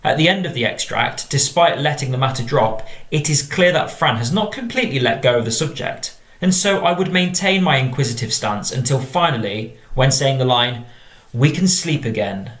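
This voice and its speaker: A man with an English accent, a drama teacher reading out and explaining model exam answers in a measured tone. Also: medium pitch, fairly bright tone. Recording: echoey room.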